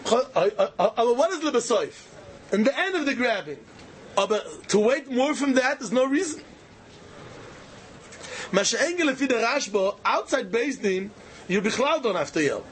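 A man giving an animated Talmud lecture in Yiddish-inflected English, with a sing-song study chant and many rhetorical questions. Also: very high-pitched, moderate pace, long pauses, a little hiss or hum. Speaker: Talmud teacher.

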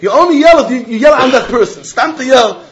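A man teaching a Talmud class, arguing through the text in an animated way and throwing pointed questions at his students. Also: extremely high pitch, brisk, muffled recording. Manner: animated, argumentative, mixing Yiddish and Hebrew terms into English.

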